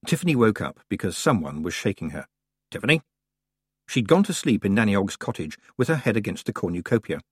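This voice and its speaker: A man narrating an audiobook in an expressive, playful storytelling manner. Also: fairly low pitch, quick pace, few pauses, slightly rough, dry recording, studio quality.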